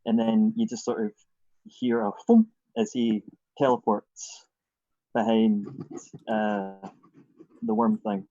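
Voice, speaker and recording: A man's voice: fairly low pitch, animated, slow pace, vocal fry, warm tone, dry recording, muffled recording. A man playing in a tabletop game, chatting and joking and thinking aloud over his dice rolls. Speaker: player. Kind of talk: casual tabletop game chat.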